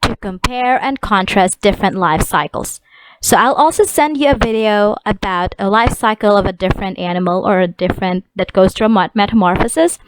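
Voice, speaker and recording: A woman teacher giving an online class lesson, slowly and clearly repeating vocabulary words for young students. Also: mid-range voice, rough recording. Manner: slow, clear word-by-word drilling of vocabulary.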